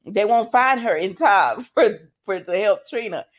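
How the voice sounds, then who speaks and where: A woman's voice: mid-range voice, a little slow. A woman casually recapping a soap opera, laughing often and acting out the characters' lines. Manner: animated, laughing, acts out quoted lines.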